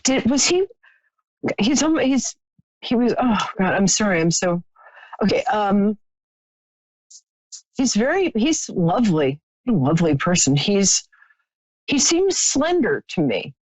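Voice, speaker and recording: Chatty, halting woman doing psychic readings. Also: medium pitch, big pitch swings, a little mellow, dry recording, low-quality recording. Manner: chatty, sympathetic, halting with many fillers. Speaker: psychic reader on live stream. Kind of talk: live stream reading with a caller.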